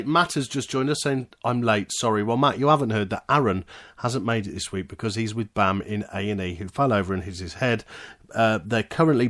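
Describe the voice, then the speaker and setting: Playful man hosting a podcast. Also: medium pitch. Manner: playful, hypes up announcements like a showman. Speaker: podcast host. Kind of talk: casual podcast chat.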